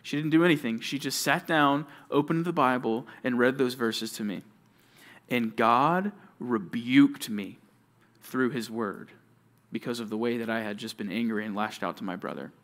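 A male youth pastor preaching to junior high students, telling stories with animation and talking straight to his listeners. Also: normal speed. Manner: animated storytelling, addresses listeners directly.

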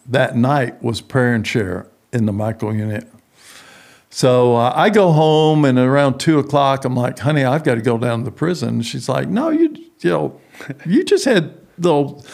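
Gravelly-voiced man telling a story. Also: mid-range voice. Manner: animated storyteller acting out quoted voices. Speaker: prison ministry founder, guest. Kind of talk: storytelling in an interview.

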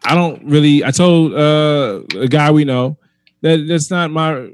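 A man's voice: on the high side, measured pace, clean tone. A man, a comedian, talking in a casual chat, arguing his point emphatically and repeating himself as he goes.

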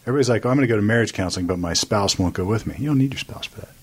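A middle-aged man telling a story in casual chat, acting out the people he quotes with lively energy. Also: lowish voice, very fast, slightly rough.

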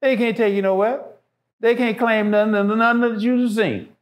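A man appearing as a guest on a show speaks in a fairly high voice with mostly even intonation and a moderate pace. His talk is casual but impassioned, and he keeps repeating phrases to hammer his points home.

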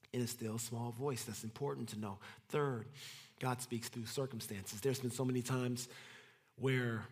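A male pastor preaching a sermon in slangy, dramatic storytelling that swings from shouts to whispers. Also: medium pitch, big-room sound.

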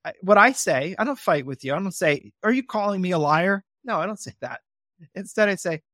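A man being interviewed on a podcast about real estate investing, talking in an animated way and acting out his phone calls in a cheerful voice. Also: high-pitched, fairly quick, no echo, studio quality.

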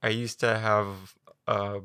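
A man's voice: on the low side, level tone, slow, pushed and bright, clear, resonant tone, dry recording, studio quality. A man from the United States co-hosting a podcast, rambling in casual chat with a self-mocking manner and many fillers. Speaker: podcast co-host.

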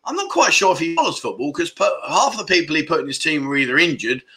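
A man hosting a casual livestream, joking and grumbling in mock outrage as he reads out comments. His voice is very bright and forceful, and sits a little high for a man. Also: sing-song, fast talker. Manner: jokey, laughs often, mock-grumbling banter. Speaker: livestream chat show host. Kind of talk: casual livestream chat, reading viewer comments.

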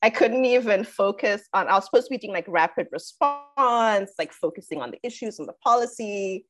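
A woman co-hosting a casual panel podcast, measured and often breaking into laughter. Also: medium pitch, lively intonation, a bit bright. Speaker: podcast co-host.

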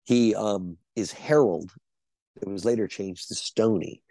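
A man's voice: fairly low pitch, measured pace, dark tone, dry recording. A middle-aged man, an actor guest, telling rambling anecdotes with lots of fillers and restarts in a casual interview chat.

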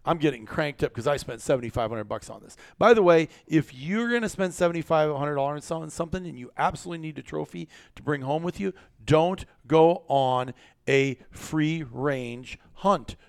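A man hosting a casual podcast, telling a story in a blunt, profane, animated way. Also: a little high, moderate pace, vocal fry, no room sound, studio quality. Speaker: podcast host.

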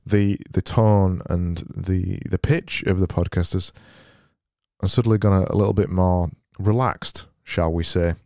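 A man hosting a solo comedy podcast, rambling deadpan and mocking himself, into a boom-arm mic. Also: a little slow, no room sound, clean studio sound. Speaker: podcast host.

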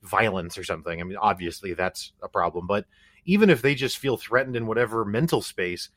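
Man, podcast host, reflective, thinks aloud, lowish voice, dry sound. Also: fairly quick, a bit bright, no echo. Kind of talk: conversational interview.

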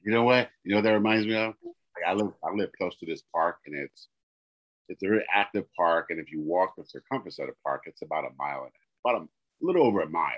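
A man co-hosting a podcast, casually telling an animated story and acting out the people in it. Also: low-pitched, fast talker, highs cut off. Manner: animated storyteller, acts out quoted dialogue. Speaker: podcast co-host.

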